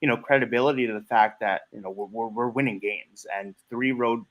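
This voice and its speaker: A man's voice: mid-range voice, fairly quick, rough recording. A man co-hosting a postgame sports show, giving earnest analysis of the team. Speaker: co-host.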